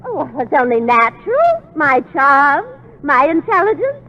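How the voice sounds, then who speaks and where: Shrill man-crazy spinster. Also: big pitch swings, a little slow, pushed and bright, exaggerated voice. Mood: flirty. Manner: shrill, giggly, brassy delivery. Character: man-crazy daffy spinster woman, brash. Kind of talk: 1940s radio comedy acting. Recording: hissy lo-fi 1940s radio broadcast.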